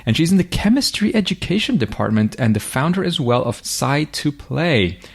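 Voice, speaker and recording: A man's voice: on the high side, big pitch swings, normal speed, gravelly, breathy edge. A man hosting an interview podcast, chatty and self-deprecating, stumbling through names with good humor. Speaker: podcast host.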